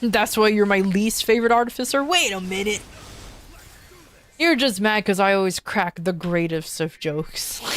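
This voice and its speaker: A woman's voice: mid-range voice, measured pace, long pauses, a bit bright, slight background noise. A woman streamer chatting casually with her viewers, playful and joking, laughing often. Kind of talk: casual live-stream chat.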